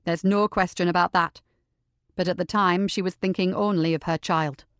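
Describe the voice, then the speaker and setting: A woman voicing a calm woman detective who speaks in a level, firm, reassuring way. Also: on the low side, moderate pace, clean tone, no echo, close to an everyday voice.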